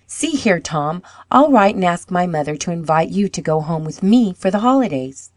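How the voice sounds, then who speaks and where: A woman reading the lines of an eager, boastful schoolboy in a storybook, lifting her voice with excitement. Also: on the low side, normal speed, no echo, clean studio sound.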